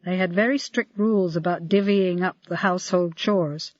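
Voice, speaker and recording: Brief: measured crime-novel narrator, mid pitch, dry muffled recording. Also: steady tone, dry recording. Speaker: audiobook narrator. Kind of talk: scripted narration.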